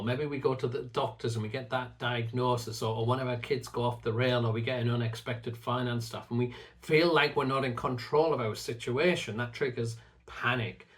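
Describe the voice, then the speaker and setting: A middle-aged faith teacher and channel host talks earnestly to camera about faith and trust in an ordinary middle-pitched voice. His reflective, teaching manner includes doubling a word as he starts a thought.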